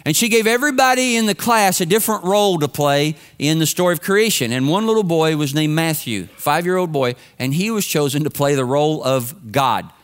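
A man's voice: on the high side, lively intonation, brisk, few pauses, a bit bright, clean tone. A man preaching a sermon to his congregation in a conversational, humorous storytelling way. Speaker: pastor. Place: church sanctuary with congregation.

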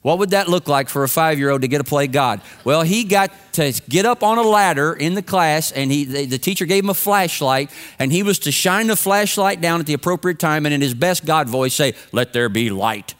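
In a church sanctuary full of congregants, a male pastor delivers his sermon as humorous, conversational storytelling. He talks fairly quickly with hardly any pauses, in a fairly high, fairly bright voice.

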